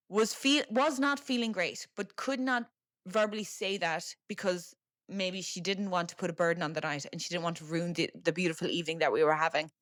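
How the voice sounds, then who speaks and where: A woman's voice: on the low side, a bit bright, no room sound, clean studio sound. A young adult woman with an Irish accent, hosting a podcast and telling a personal family story in a chatty, frank way, with lots of fillers and the odd swear word. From Ireland. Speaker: podcast host.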